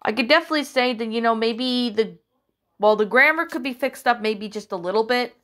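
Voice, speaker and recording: A woman's voice: fairly high pitch, brisk, fairly bright tone. Rambling young-sounding woman reviewer. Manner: rambling, lots of fillers and restarts; apologetic, hesitant. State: hiccuping. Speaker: creepypasta narrator reviewing a story. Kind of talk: casual spoken review.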